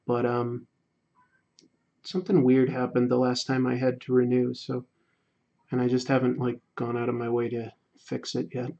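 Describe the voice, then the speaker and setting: A man hosting a drawing livestream, chatting casually and reading viewer comments, going quiet during fine detail work. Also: mid-range voice, monotone, moderate pace, gravelly, highs cut off. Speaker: livestream host. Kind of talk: casual chat while drawing.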